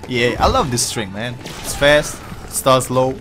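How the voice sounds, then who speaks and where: A man giving casual, excitable, profane commentary while playing online ranked fighting-game matches. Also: mid-range voice, slow pace. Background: fighting game music and sound effects.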